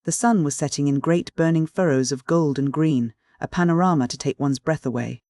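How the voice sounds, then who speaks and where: An audiobook narrator reading a Victorian short story in a measured, literary way. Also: mid-range voice, darkish tone, no echo, studio quality.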